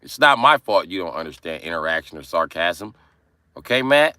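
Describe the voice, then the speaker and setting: A man hosting a casual livestream, brash and profane as he roasts his chat, with sudden bursts of yelling. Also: deep voice, lively intonation, a little fast, no echo. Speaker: livestream host.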